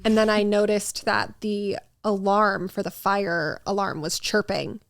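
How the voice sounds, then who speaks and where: A young woman co-hosts a podcast, chatting casually and telling stories with quick excitement and frequent laughter. Her voice sits at an ordinary middle pitch. The sound is close and dry, with no room around it. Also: creaky, dry recording. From United States. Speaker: podcast co-host. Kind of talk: casual chat.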